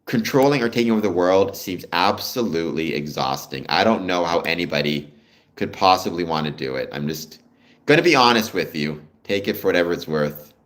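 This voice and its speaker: Speaking a little fast, this Canadian livestream host has a deep, slightly bright voice with lively intonation. He keeps things casual, responding to viewers' comments as they pop up.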